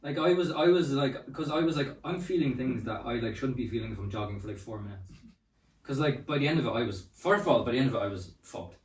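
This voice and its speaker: Dry-witted man, mid-pitched. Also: quick pace, recorded from a distance. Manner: dry teasing quips, relaxed storytelling. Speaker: podcast co-host. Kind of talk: casual comedic chat. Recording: roomy sound, speaking away from the mic.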